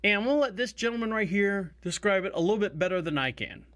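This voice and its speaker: A man's voice: high-pitched, lively intonation, fast, a bit bright. A man hosting a talk radio show from the studio, rambling and chatty with asides. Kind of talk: casual talk radio monologue.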